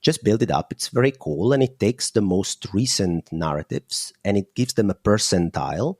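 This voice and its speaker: Italian man, deep voice, animated delivery, interview guest, explanatory. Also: moderate pace, no room sound, studio quality. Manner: explanatory, thinks aloud with fillers. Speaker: macro analyst guest. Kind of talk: interview, market commentary.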